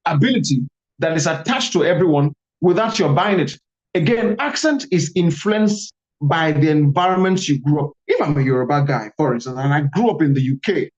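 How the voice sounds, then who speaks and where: Nigerian man with a Calabar accent, lively guest speaker, muffled video call audio. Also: fairly high pitch. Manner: animated, emphatic, repeats key words. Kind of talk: online workshop talk.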